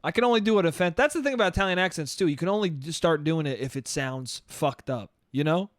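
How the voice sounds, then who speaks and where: A man in his late twenties hosting a solo comedy podcast, telling stories in an animated, profane way. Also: a little high, fast talker, no room sound, clean studio sound. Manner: profane, animated storytelling with put-on voices. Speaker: podcast host.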